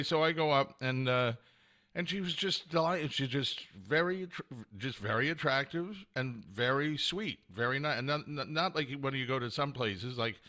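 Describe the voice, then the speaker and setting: Male podcast host, bright, rambling, self-mocking storyteller. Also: mid-range voice. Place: at home with a cat. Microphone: camera set up at home.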